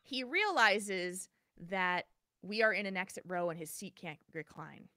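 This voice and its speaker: Woman, podcast co-host, casual storytelling, animated, bright tone, dry close sound. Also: mid-range voice, unhurried, no room sound. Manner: animated, vivid retelling with many restarts.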